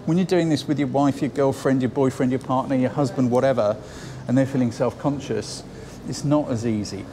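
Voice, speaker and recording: A man's voice: medium pitch, steady tone, brisk, noisy background. A man teaching photography on a shoot, chatty and encouraging, thinking aloud as he works. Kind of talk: on-location photo lesson. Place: outdoors then inside a building on a shoot.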